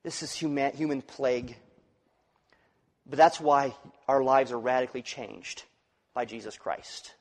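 A male pastor preaching a sermon, swinging from loud, rising emphasis to quiet, dropped phrases. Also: medium pitch, steady tone, a little slow, pauses often. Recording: long reverb of a large hall.

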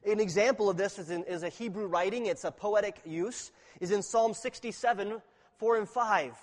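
A man's voice: sits high, normal speed. A man preaching an expository sermon, teaching earnestly and reading scripture aloud with emphasis. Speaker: pastor. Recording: reverberant hall.

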